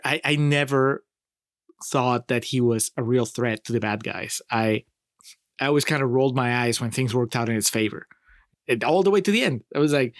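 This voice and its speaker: A man co-hosting a casual film review podcast, talking in an animated way, laughing often and swearing freely. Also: medium pitch, no room sound, studio quality. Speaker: podcast co-host.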